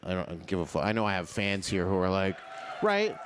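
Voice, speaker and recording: A man doing crowd-work stand-up comedy, loose and profane, laughing often and swinging his pitch up and down. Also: huge pitch swings, fairly quick, noisy background.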